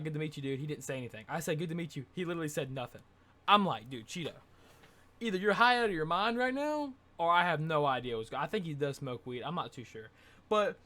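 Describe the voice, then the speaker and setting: A young man telling a casual, rambling vlog story, excitable and full of filler words. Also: on the high side. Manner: excitable, rambling, says dude and like a lot. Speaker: vlogger.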